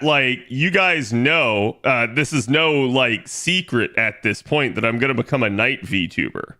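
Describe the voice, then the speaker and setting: A man's voice: mid-range voice, sharp tone. A young man streaming from home, chatting casually with his viewers in a rambling way full of fillers. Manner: rambling, filler-heavy, reads chat aloud.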